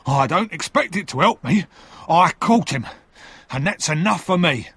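A man voicing a rough, desperate convict who speaks loudly and defiantly. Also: fairly high pitch, lively intonation, normal speed, no echo, voice pushed up, heavily acted. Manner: loud, forceful and defiant. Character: rough desperate male convict, fierce and bitter.

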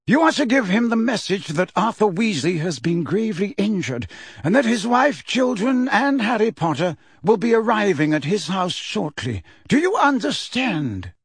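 Picture a wise old wizard headmaster, as a male audiobook reader puts him on, speaking with calm authority and careful courtesy. His voice sits fairly high and moves with lively rises and falls. The recording is dry and close. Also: moderate pace, slightly rough, no room sound, exaggerated voice. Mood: calm, urgent.

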